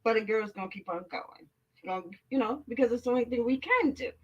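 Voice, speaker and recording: A woman with a Texan accent hosting a live stream in casual chat, telling a story in an animated and profane way. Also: fairly high pitch, quick pace, lo-fi sound.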